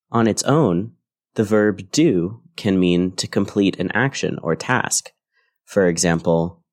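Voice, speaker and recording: Man, deep voice, English teacher, scripted podcast lesson, clear measured delivery. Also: a little mellow.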